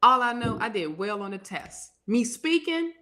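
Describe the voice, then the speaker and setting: A woman's voice: a little high, sing-song, moderate pace, sharp tone. A woman with a Southern accent, co-hosting a casual tarot livestream, chatty and laughing often. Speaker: co-host and tarot reader.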